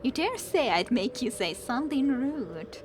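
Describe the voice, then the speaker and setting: Slow-talking giggly woman streamer. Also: high-pitched, sing-song, a little hiss or hum. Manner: chatty, giggly, talks to the enemies she fights. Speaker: game streamer. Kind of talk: casual let's-play commentary. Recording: game music playing under the voice. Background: video game music.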